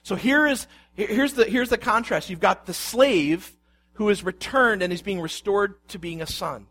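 A man with a fairly high voice delivers a sermon. He reads scripture aloud, then explains it in an expressive preaching manner and asks rhetorical questions. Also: measured pace. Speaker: pastor.

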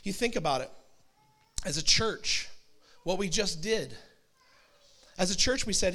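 Delivering his sermon as a conversational story with quick asides, this forties-aged pastor speaks in a high, light voice. It sounds pushed and bright, with lively intonation.

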